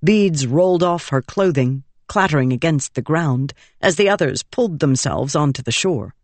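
A woman reading a fantasy audiobook in measured, expressive narration. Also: low voice, no room sound.

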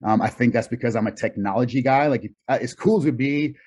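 A man's voice: medium pitch, fast, darkish tone, husky. A middle-aged man answering interview questions in a thoughtful, easygoing way, laughing often. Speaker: guest. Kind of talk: casual interview chat. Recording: dull lo-fi sound.

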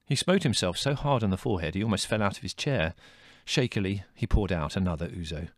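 A man reading an audiobook in a wry, measured storytelling manner. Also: on the low side, dry recording, studio quality. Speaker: audiobook reader. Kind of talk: scripted narration.

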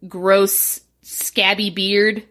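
A woman's voice: mid-range voice, flat delivery, extremely slow, fairly bright tone. A woman co-hosting a podcast, joking irreverently and swearing freely in casual chat. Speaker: podcast co-host.

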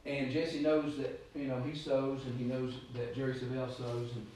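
Storytelling preacher in an echoey hall. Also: male voice, mid-range voice, monotone, normal speed. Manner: storytelling, rambling, rising to loud exhortation. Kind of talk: sermon. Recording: echoey room, distant mic, faint noise.

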